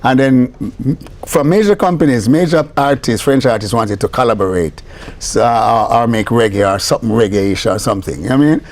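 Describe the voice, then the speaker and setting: An older Jamaican man, a reggae producer, telling stories in a relaxed interview and often laughing. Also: medium pitch, fairly quick. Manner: animated storyteller who acts out quoted voices, laughing often. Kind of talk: casual storytelling interview.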